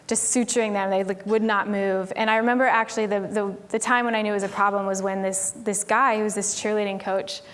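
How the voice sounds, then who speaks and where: She has a mid-range, steady voice and moves briskly with few pauses. A Tennessee woman giving a relaxed conference talk, she chats along with plenty of "like" and "um."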